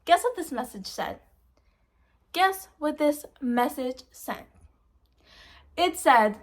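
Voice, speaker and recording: A woman's voice: high-pitched, animated, a little slow, long pauses, fairly bright tone. A young woman in her twenties chatting casually, retelling an exasperating story with lots of quoted dialogue. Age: 20s. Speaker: vlogger. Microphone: phone camera.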